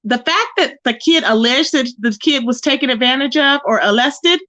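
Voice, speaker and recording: A woman with a high, pushed, bright voice speaks at normal speed with few pauses. Hosting her commentary channel, she confronts and scolds someone head-on, repeatedly saying their name, in a dull lo-fi recording.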